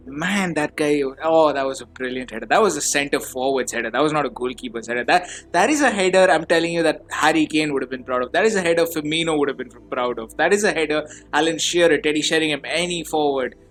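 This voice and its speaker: A man hosting a casual fan podcast, gushing and stammering, his voice trembling with excitement. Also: on the high side, fast, few pauses. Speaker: podcast host.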